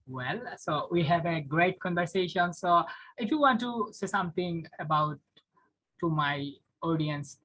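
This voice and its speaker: A man's voice: fairly high pitch, measured pace, pushed and bright, poor audio. A man from Bangladesh, hosting an interview in a formal, hesitant way with frequent uhs, over a video call. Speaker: interviewer, channel host. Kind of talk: casual interview conversation.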